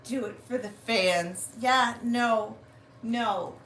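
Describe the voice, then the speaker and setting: A woman's voice: fairly high pitch, fairly bright tone, echoey room, slight background noise. A woman vlogging casually from home on a phone camera, chatty and a little foul-mouthed. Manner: chatty, swearing, drawn-out complaining. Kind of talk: casual vlog chat. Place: at home indoors.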